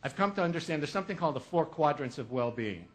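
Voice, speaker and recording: A man's voice: on the high side, animated, quick pace. A man giving a humorous motivational keynote, telling a story with comic asides and acting out the voices of the people in it. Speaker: keynote speaker.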